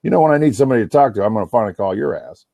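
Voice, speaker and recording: A man's voice: medium pitch, animated, very fast, vocal fry, dark tone, dry recording. A middle-aged man rambling and swearing in a casual livestream monologue, talking over himself. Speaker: livestream host on a phone call.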